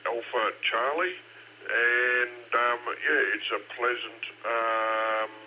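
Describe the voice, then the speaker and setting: A man's voice: medium pitch, flat delivery, takes it slowly. An Australian man checking in on a ham radio net, hesitant with many ums. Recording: tinny radio channel, faint hiss.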